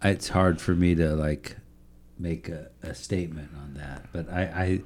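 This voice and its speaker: A man's voice: low voice, steady tone, unhurried, darkish tone. A man co-hosting a casual sports podcast, joking and rambling through loose banter. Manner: joking, rambling, self-deprecating. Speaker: podcast co-host.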